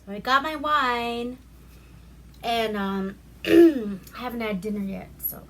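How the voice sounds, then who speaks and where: A woman from Alaska hosting a casual movie recap. She rambles, swears freely and keeps a deadpan tone. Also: on the high side, slow pace. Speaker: host.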